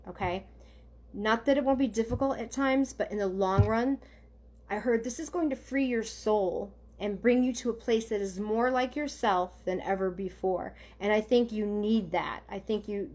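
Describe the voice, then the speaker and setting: A psychic medium with a mid-range voice gives a live online reading to her viewers. She speaks gently and haltingly, filling her speech with lots of ums and okays.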